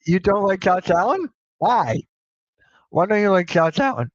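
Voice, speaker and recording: Excitable young man hosting a sports stream. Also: high-pitched, a little slow, no room sound, muffled recording. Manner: excitable, swears freely, reacts loudly to news. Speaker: sports show host. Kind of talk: casual live-stream sports chat.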